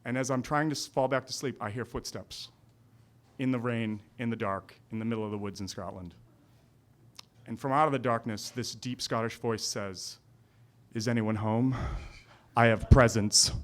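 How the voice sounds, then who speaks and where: A man's voice: mid-range voice, moderate pace. A man telling a funny true story at a live storytelling night in a restaurant, acting out the dialogue. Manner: animated, acts out dialogue.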